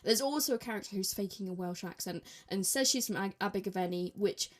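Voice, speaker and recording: Measured woman explaining, trailing off softly. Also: medium pitch. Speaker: priest and podcast co-host. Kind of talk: casual podcast chat.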